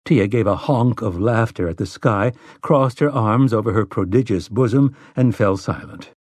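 Dry, measured male audiobook narrator. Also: lowish voice, darkish tone, dry recording. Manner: measured storytelling. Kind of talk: scripted narration.

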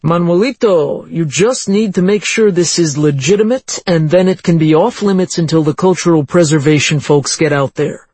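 A narrator reading the lines of a male police lieutenant, brisk and businesslike, giving orders to an officer. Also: mid-range voice, a little mellow, slightly rough, dry recording, close to an everyday voice.

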